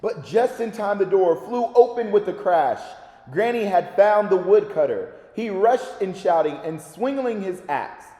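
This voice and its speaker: A man reading a children's storybook aloud in a gentle, expressive way. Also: sits high, a little slow. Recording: echoey reverberant room.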